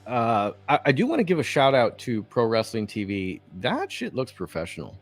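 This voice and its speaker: A man's voice: mid-range voice, wildly swooping pitch, moderate pace, faint music behind. A man with a Texas accent co-hosting a casual wrestling chat show, rambling with many fillers and restarts. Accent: Texan. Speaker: co-host.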